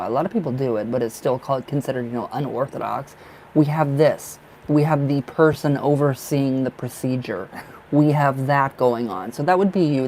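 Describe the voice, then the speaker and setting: A man reading tarot cards on a live stream. He is excitable and emotional, and he thinks aloud in rambling bursts with many restarts. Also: mid-range voice, slight background noise, rough recording. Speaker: tarot reader.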